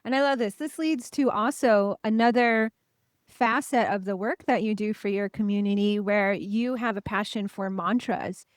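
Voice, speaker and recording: A woman's voice: medium pitch, normal speed, no echo, studio quality. A woman hosting an interview podcast, talking casually with many fillers and affirming her guest. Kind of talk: interview conversation.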